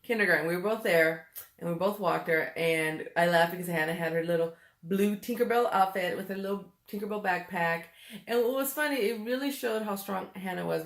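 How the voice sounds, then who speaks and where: A middle-aged mother chatting casually and telling family stories, laughing easily as she talks. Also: lowish voice. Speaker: vlogger, mother. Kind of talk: casual chat. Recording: echoey room.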